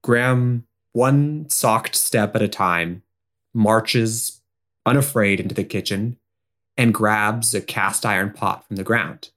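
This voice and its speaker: A man's voice: on the low side, slow, fairly bright tone. A man playing a tabletop role-playing game, narrating his character's actions in a casual, rambling way. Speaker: player.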